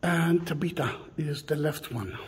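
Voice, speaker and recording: A man with an Israeli accent, a tour guide talking casually as he walks visitors through a site, softly and with pauses. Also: fairly high pitch, breathy edge, long reverb tail. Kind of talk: casual walking tour vlog.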